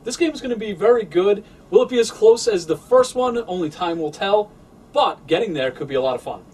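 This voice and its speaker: A young man hosting a sports web show, giving steady, analytical football breakdowns. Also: high voice, fairly quick, husky, distant mic.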